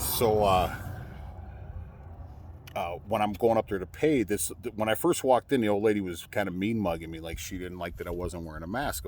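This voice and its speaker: A man's voice: fairly low pitch, a little mellow, no echo. A man, a truck driver, chatting casually to his viewers in a rambling way, full of fillers and restarts.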